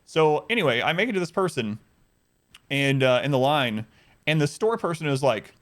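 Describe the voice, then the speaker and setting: A male streamer with a slightly higher voice than most men, telling a story in a casual, animated way. He sounds exasperated and acts out other people in a raised voice. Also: normal speed. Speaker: livestreamer.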